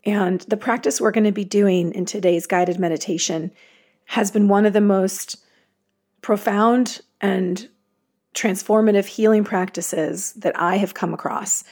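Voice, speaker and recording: A woman's voice: medium pitch, steady tone, a little slow, a little mellow. A woman hosting a meditation series, earnest and chatty, who introduces the day's practice and tells a short story. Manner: earnest, chatty, self-aware asides. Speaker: meditation teacher and host. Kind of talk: casual spoken intro to a guided meditation.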